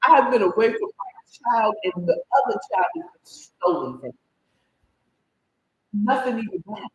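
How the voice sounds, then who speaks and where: A middle-aged man with a very high, lively voice recaps a story in an animated, dramatic way, sometimes breaking into cries and shouts. He sounds like he is in an echoey room, with faint noise behind him. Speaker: storyteller host. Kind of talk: emotional casual story recap.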